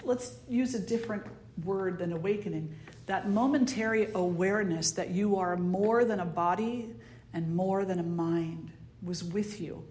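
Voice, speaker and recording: A woman spiritual teacher with a New Jersey accent giving a conversational, soft-spoken talk to a small circle, now and then acting out the ego in quoted asides. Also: medium pitch, moderate pace, slight background noise. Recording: roomy echo.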